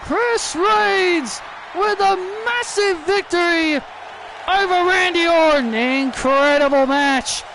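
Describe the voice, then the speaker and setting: Guy yelling wrestling commentary over a video game, slow-paced but hyped, voice way up high, faint crowd behind. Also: creaky, noisy background. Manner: excitable, often shouting, repeats and restarts phrases.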